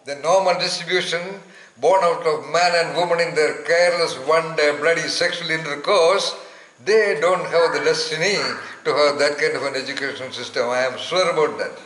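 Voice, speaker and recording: A man giving an informal spiritual talk to listeners, emphatic and rambling, often pausing to search aloud for words. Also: on the high side, a bit bright, reverberant, slight background noise, low-quality recording.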